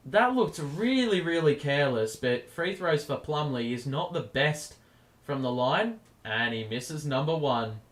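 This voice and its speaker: A man hosting a live watchalong stream, calling the game play by play in a casual way, his voice going hoarse and getting loud over big plays. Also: mid-range voice, measured pace. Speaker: stream host.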